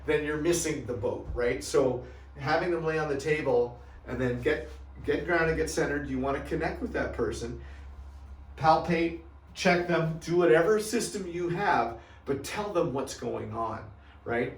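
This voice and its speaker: A man's voice: on the high side, measured pace, recorded from a distance. Emphatic male coach in a roomy space. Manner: emphatic, checks in with "right?" and "okay?". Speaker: practice coach for chiropractors. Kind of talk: coaching talk.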